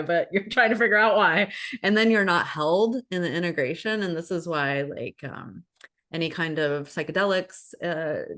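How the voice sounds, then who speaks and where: A woman with a low voice talks through a video call as a wellness coach. She speaks frankly and earnestly, circling back on herself with restarts as she explains her work. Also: a bit bright. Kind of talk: casual talk on a group video call.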